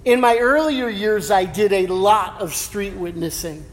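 A middle-aged male pastor with a high-pitched voice preaches an evening sermon at a measured pace, praying first and then telling a personal story in a casual, slangy way. Long hall reverb surrounds the recording.

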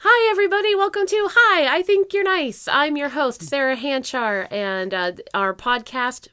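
A woman's voice: high voice, moderate pace, bright, forceful tone, faint music behind. A woman hosting a podcast, chatting in a bubbly, playful way. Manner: bubbly, playful, sing-song. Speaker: podcast host. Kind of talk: casual podcast chat.

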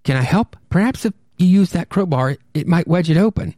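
A man's voice: high-pitched, lively intonation, fairly quick, dark tone, no room sound, studio quality, pitched above the performer's own voice. A man voicing a frightened young woman from an old horror comic, in a breathless, pleading tone. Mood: anxious. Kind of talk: dramatic reading of a comic.

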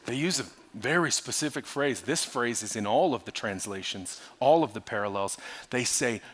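With medium pitch and normal speed, a male pastor preaches animatedly, swinging between loud bursts and hushed, quiet lines.

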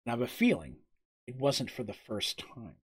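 Man playing a soft-spoken menacing warrior, slow and controlled threats. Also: medium pitch, animated, slightly rough, voice pushed down. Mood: cold threat. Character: calm menacing male warrior, quietly threatening.

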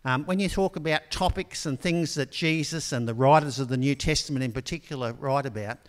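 An older man giving a sermon in a relaxed, conversational storytelling manner, with frequent ums. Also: medium pitch, brisk. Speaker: preacher. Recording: long hall reverb.

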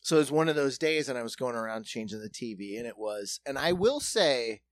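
A man's voice: mid-range voice, lively intonation, brisk, no echo. A man co-hosting a comedy podcast, telling a rambling anecdote with many fillers. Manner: rambling, filler-heavy storytelling. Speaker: podcast co-host. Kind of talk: casual comedic chat.

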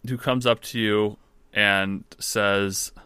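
A man's voice: fairly low pitch, fairly even intonation, slow pace, sharp tone, smooth, no room sound. A man narrating as game master in a casual, wry way.

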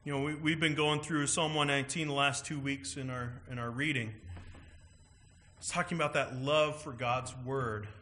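A man preaching a sermon, teaching with animated emphasis and frequent "all right" and "right?" asides. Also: medium pitch, normal speed, a little hiss or hum. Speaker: pastor.

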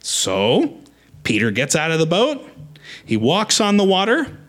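A man preaching a conversational sermon, lively with frequent restarts. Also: fairly high pitch, a little slow.

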